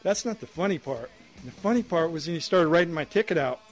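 A man co-hosting a podcast, telling animated stories and bursting into loud impressions. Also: fairly high pitch, quick pace, soft background music. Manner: animated anecdotes, shouted impressions. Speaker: podcast co-host. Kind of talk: casual podcast storytelling.

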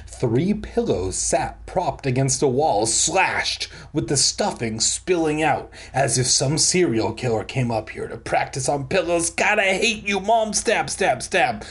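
A man reads a children's horror story aloud for laughs, taking his time over each spooky line. His pitch swings widely as he dramatizes the scene. He then drops into flat, deadpan crude asides before going back to the story. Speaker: comic reader. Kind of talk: comic reading of a children's horror book with asides.

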